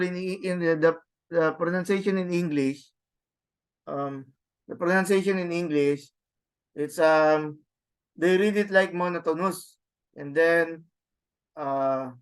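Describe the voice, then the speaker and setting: A man's voice: high-pitched, clear, resonant tone. A man teaching a Greek class online over a video call, explaining step by step with many restarts and fillers.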